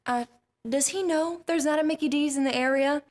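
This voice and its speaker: A woman's voice: sits high, normal speed, lightly acted. A woman voicing puzzled, skeptical male disciples who question what is happening. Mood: doubtful.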